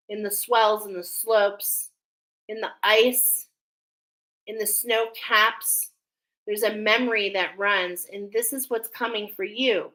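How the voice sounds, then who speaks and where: A woman doing an intuitive card reading for her viewers, rambling and earnest, often checking in with a quick "okay?". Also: medium pitch, bright, forceful tone, low-quality recording. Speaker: oracle card reader.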